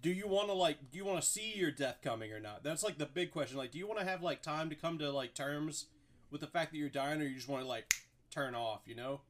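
A man's voice: a little high, quick pace, slight background noise. A young man hosting a casual podcast chat, rambling and profane, with lots of "like". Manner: rambling, profane, heavy filler "like". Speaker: host.

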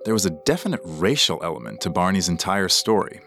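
A man narrating a scripted true story for a podcast in a measured, dramatic way. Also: low voice, very animated, fairly bright tone, faint music behind.

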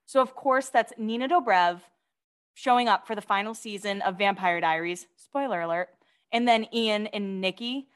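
A woman's voice: medium pitch, normal speed, clean tone. A woman co-hosting a podcast, chatting casually and reading out celebrity gossip items with gushing asides. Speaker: podcast co-host.

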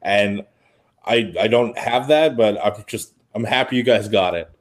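A man's voice: fairly low pitch, measured pace. A man co-hosting a podcast in casual chat, rambling along with plenty of filler words. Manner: rambling, heavy use of "like". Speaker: podcast co-host.

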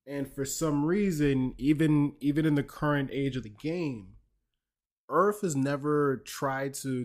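A man hosting a podcast, casually explaining a video game's story and joking with his co-host. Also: mid-range voice. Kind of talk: casual chat.

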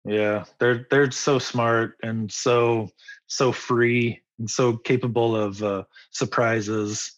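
A man in his forties talks about music in a loose, rambling and enthusiastic way as an interview guest. His voice sits at a middle pitch. The recording sounds dull and lo-fi, with a close, dry tone. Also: steady tone, takes it slowly, no room sound. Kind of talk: casual interview.

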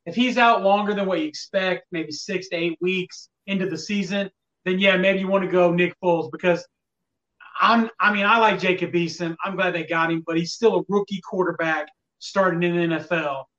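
High-voiced man grumbling about fickle fans. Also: steady tone, moderate pace, fairly bright tone, distant mic, lo-fi sound. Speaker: podcast co-host. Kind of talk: casual sports talk.

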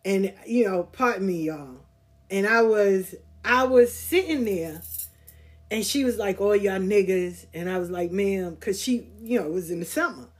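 A woman from the Southern United States hosts a podcast in a casual, slangy storytelling voice. She acts out the people she quotes and moves easily into encouraging talk aimed at the listener. Her pitch sits in a middle range. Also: lively intonation, moderate pace. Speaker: podcast host.

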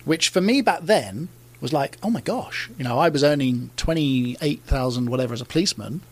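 Man telling animated stories. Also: medium pitch, fairly quick. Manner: animated, laughing often, frequent restarts. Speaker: car designer, guest. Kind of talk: casual storytelling interview.

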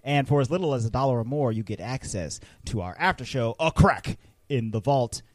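A man's voice: mid-range voice, lively intonation, brisk, no room sound. A man co-hosting a podcast, running through the show's plugs in an upbeat, joking way. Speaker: podcast co-host. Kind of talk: casual chat and show plugs.

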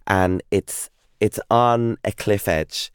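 A man's voice: on the low side, steady tone, slow, smooth, no echo, studio quality. A man with an Irish accent in his thirties, chatting enthusiastically as an interview guest, telling stories with many fillers and restarts. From Ireland. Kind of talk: casual interview chat.

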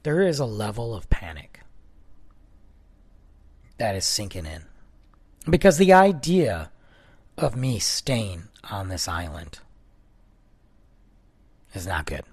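Husky, animated man telling a story. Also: fairly low pitch, takes it slowly, long pauses. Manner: animated, swings from excited to hushed. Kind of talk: casual spoken storytelling.

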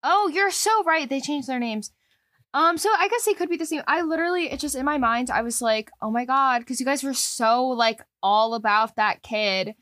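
A woman's voice: sits high, normal speed, a bit bright, no echo, studio quality. A woman co-hosting a casual podcast chat, candid in tone and swearing casually. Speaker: podcast co-host.

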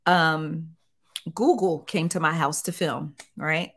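A woman's voice: low voice, slow pace, breathy edge. A middle-aged woman telling a story in a casual interview, acting out the quotes in different voices. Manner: animated, acts out quotes in voices. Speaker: guest, site owner.

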